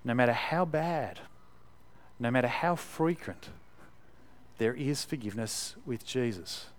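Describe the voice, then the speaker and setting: A man's voice: medium pitch, expressive, a little slow. Man preaching conversationally. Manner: conversational, emphatic, with fillers and repeated words. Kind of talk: sermon.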